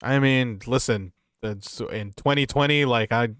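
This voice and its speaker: A man's voice: mid-range voice, measured pace, a bit bright, clear, resonant tone, no echo, studio quality. A man co-hosting a wrestling review podcast, recapping matches in a rambling, profane, casual way. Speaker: podcast co-host.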